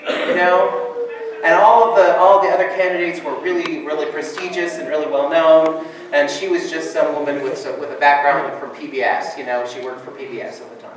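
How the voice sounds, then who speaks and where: Laughing pastor in an echoey church. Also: male voice, fairly high pitch, fairly even intonation, fairly quick. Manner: chatty, laughs often. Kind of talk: sermon with humorous storytelling. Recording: echoey hall from far off, noisy.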